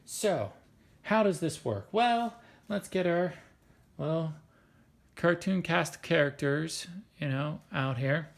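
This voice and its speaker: Guy explaining biology stuff, chatty and playful, kinda gravelly voice. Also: fairly high pitch, lively intonation, takes it slowly. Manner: chatty, playful, with filler words. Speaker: science teacher. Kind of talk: casual explanatory lesson.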